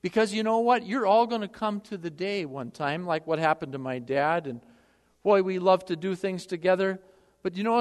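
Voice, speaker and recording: Brief: male preacher, high voice, impassioned sermon that swings loud to hushed, long church reverb.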